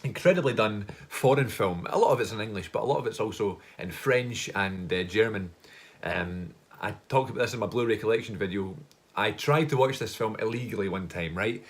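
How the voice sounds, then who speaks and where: A man with a slightly low voice talks straight to his audience in a casual film vlog. He rambles and restarts, piles on enthusiasm, and drops in slang and the odd curse. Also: brisk. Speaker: film vlogger and podcast host.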